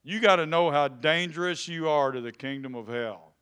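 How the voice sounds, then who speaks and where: A man pastor preaching a lively sermon in church, calling out to people in the congregation by name and rising to loud shouts. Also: fairly high pitch, moderate pace, clean tone.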